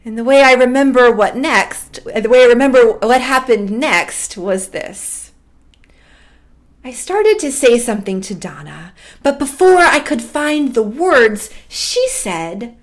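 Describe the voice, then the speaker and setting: A middle-aged woman pastor preaching a sermon and telling a personal story in a slow, storytelling way. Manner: slow, warm storytelling with lively pitch.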